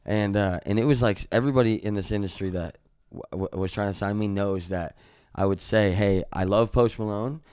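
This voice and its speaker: Smooth-voiced man telling wild stories. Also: fairly low pitch, a little fast, dry recording, studio quality. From Missouri, USA. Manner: animated, profane storytelling that jumps into shouted re-enactments. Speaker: musician guest. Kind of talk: casual podcast storytelling.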